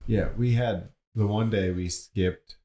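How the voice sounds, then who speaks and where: A young man co-hosting a podcast, telling stories in a laid-back, casual way and quoting others in an even voice. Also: fairly low pitch, slow. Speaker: podcast co-host. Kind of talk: casual chat. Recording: echoey room.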